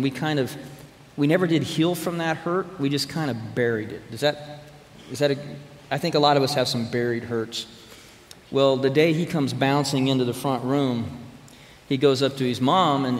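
Emphatic preacher man in a hall. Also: mid-range voice. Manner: conversational, emphatic, addresses the congregation directly. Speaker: pastor or church speaker. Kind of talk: sermon storytelling. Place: church sanctuary with an audience. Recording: reverberant hall, faint room ambience.

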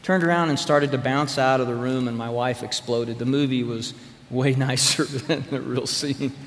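A man's voice: medium pitch, fairly even intonation, normal speed. A man telling a personal story in a sermon. He talks conversationally and speaks directly to the congregation in a church. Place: church sanctuary with an audience. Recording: reverberant hall, faint room ambience.

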